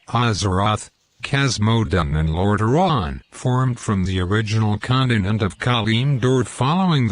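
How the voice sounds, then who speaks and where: A man narrating a game walkthrough, deliberately reading out lore and in-game quotes. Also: lowish voice. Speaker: gameplay commentator.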